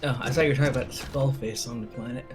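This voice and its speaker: A man chatting casually alongside a game stream, making relaxed, laid-back remarks. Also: medium pitch, fast, faint music behind. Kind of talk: casual chat.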